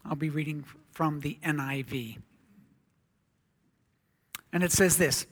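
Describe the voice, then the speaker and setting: A man who is a visiting missionary, preaching a sermon in a church, telling a story and reading scripture in a soft-spoken way. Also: a little high, takes it slowly, pauses often, slightly rough.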